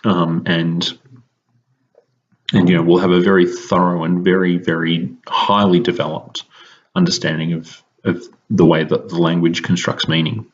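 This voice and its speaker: A man teaching a recorded lesson, explaining slowly and carefully with frequent ums. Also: deep voice, little pitch movement, husky, dull audio.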